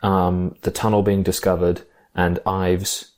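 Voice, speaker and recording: A man with a fairly low voice chats about films with a friend, enthusiastic and a little rambling. He often stops to rethink a sentence, with plenty of "um" and "like", and keeps the tone easygoing. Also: level tone, takes it slowly, darkish tone. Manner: enthusiastic, thinks aloud with fillers and restarts. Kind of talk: casual film discussion.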